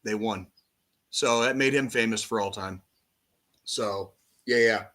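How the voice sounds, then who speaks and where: Bright-voiced man ranting, swears a lot. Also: lowish voice, a little slow. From United States. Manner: profane, animated sports ranting. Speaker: podcast co-host. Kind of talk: casual chat.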